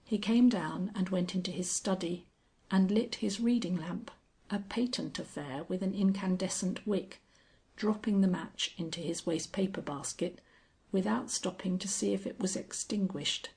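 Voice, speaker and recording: A woman reading a classic story aloud in a measured, unhurried narration. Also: on the low side, warm tone, breathy edge.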